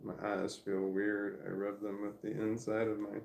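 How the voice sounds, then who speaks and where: At home indoors, a man with a lowish, gravelly, slightly mellow voice chats at normal speed in a monotone. The sound is reverberant with slight background noise as he meanders and stammers through a rambling livestream, talking to his dog and reading messages aloud.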